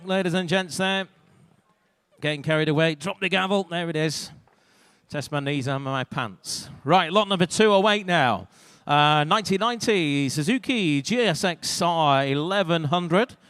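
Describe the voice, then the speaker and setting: A British man working as an auctioneer, calling out bids in a rapid rhythmic patter with dry joking asides. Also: a little high, fairly bright tone, clean tone, dry recording. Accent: British English. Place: auction sale room.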